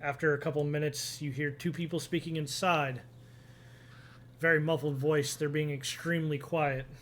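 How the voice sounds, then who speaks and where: A man's voice: fairly high pitch, flat delivery, normal speed, a bit bright, slight background noise. A young man narrating a tabletop game as game master, casual and rambling with many fillers.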